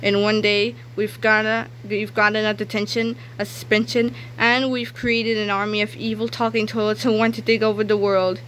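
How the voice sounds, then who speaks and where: A woman's voice: mid-range voice, flat delivery, normal speed, hardly any pauses, a bit bright, slight background noise, close to an everyday voice, low-quality recording. A woman voicing a nervous young schoolboy who cries out and stammers. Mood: glum.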